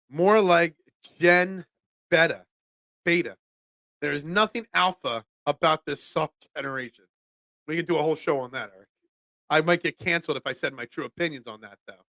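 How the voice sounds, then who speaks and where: A man hosting a casual sports talk show, ranting in an animated, self-deprecating way. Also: a little high, no room sound.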